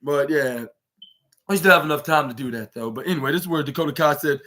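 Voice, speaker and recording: A man's voice: on the high side, fast talker, bright, forceful tone. A man hosting his own podcast, recapping wrestling in a casual, rambling way and acting out quoted lines. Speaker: podcast host.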